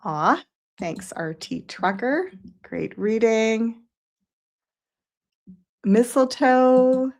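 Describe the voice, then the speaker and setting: Slow, effusive woman livestream host. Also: on the high side. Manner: warm, effusive, thanks viewers one by one. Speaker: psychic show host. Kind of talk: live stream chat, reading viewer comments.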